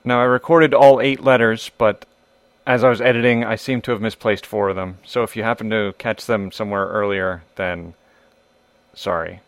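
A man's voice: on the low side, steady tone, normal speed, no echo. A man hosting a podcast in a wry, irreverent monologue, swearing casually. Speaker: podcast host.

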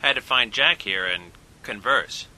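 A man reading a serial story intro in a lively storyteller way. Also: lowish voice, moderate pace, poor audio.

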